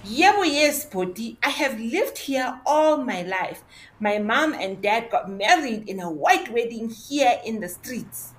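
A woman with a South African accent playing a proud, nostalgic young man turned into a dog, talking lively with township slang. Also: a little high, measured pace. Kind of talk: audio drama acting.

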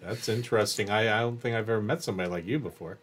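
A man's voice: fairly low pitch, racing, a little hiss or hum, voice pushed down, natural voice. A man voicing an older woman in a business suit, speaking suggestively and coaxingly in a tabletop game. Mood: flirty.

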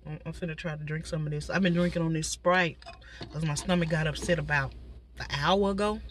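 Her voice sits low and fairly even as she talks briskly to viewers from inside a parked car, a casual mukbang chat with many asides. A mild cold makes her slightly stuffy, and there is a little background noise.

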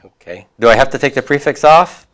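A man's voice: medium pitch, lively intonation, fairly quick, a bit bright. A man teaching a class, reviewing homework and prompting students with questions, with occasional chuckles.

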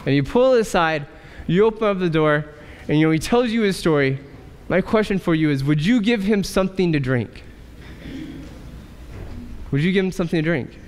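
A male pastor preaching a sermon in a church, asking rhetorical questions and pausing for effect. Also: high-pitched, expressive, slight background noise. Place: church sanctuary. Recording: church hall reverb.

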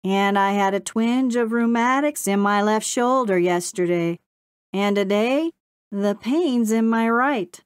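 A woman voicing a folksy old male beaver who speaks with a slow drawl. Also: mid-range voice, smooth, no room sound, pitched above the performer's own voice, natural voice. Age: older.

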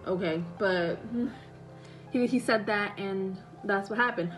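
A woman's voice: medium pitch, takes it slowly, fairly bright tone, soft background music, low-quality recording. A young woman casually retelling a story to her viewers, rambling and correcting herself with many fillers. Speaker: vlogger.

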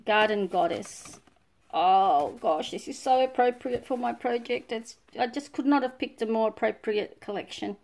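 A woman's voice: fairly high pitch, normal speed, darkish tone. A woman with an Australian accent, chatting casually as she unboxes scrapbooking supplies, full of delighted exclamations. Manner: gushing, breathy exclamations of delight. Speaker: scrapbooking vlogger.

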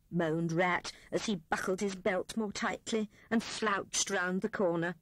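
A woman reading a children's story aloud in an expressive storytelling manner. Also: on the low side, a little slow, few pauses, no room sound. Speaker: audiobook reader. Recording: 1970s cassette audiobook, dry studio.

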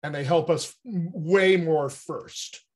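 A man's voice: on the high side, takes it slowly. A man, a dialect coach, explaining in a teacherly way and often checking in with "right?". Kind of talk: explanatory interview talk.

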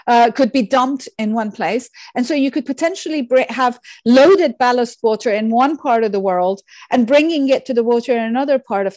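Woman lecturer, slightly high voice, dry close recording, halting and careful. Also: darkish tone, no echo. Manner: measured, many fillers and restarts. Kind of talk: academic lecture with slides.

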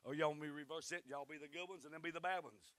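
A man preaching a revival sermon in a church, who climbs to shouting and calls for responses from the congregation. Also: fairly high pitch, fairly even intonation, very fast. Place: church sanctuary.

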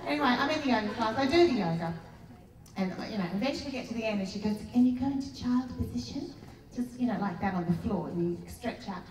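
A woman's voice: mid-range voice, animated, fast. A middle-aged woman with an Australian accent performing a stand-up comedy routine, telling self-mocking stories with punchy asides. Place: large expo hall stage. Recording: echoey hall, distant mic, loud audience laughter. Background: audience laughing loudly.

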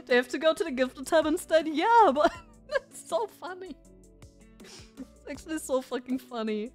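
A woman with a high, light voice chats loosely with her live audience. She is excitable and drops swear words freely, and soft music plays faintly underneath. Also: normal speed, long pauses. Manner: chatty and excitable, swears casually. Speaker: streamer. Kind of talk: casual live-stream chat with viewers.

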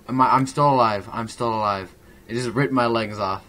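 Excitable man narrating his gameplay. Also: lowish voice, fairly quick. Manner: excitable, rambling reactions. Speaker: gaming channel host. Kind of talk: let's play commentary. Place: at a home computer.

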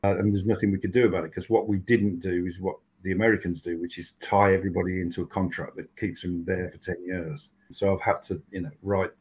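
Husky-voiced older man telling rambling stories. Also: low voice, flat delivery, fast, hardly any pauses, darkish tone, rough recording. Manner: rambling storytelling with many restarts. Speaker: TV writer and show creator, guest. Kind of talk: casual podcast interview.

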